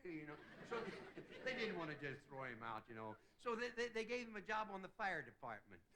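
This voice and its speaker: A man delivers a stand-up monologue in a high, lively voice that swoops up and down. He rambles from gag to gag and chuckles at his own jokes. The sound is a noisy 1960s TV broadcast. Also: brisk. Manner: rambling joke-telling, chuckling at own gags. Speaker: comedian host. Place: TV studio with live audience.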